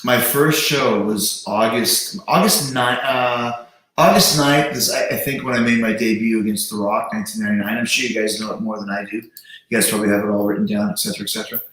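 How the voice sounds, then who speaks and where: Hosting a laid-back livestream, this man speaks with animation and frequent quick restarts. He mimics other voices through large pitch leaps, and the room he's in is very echoey.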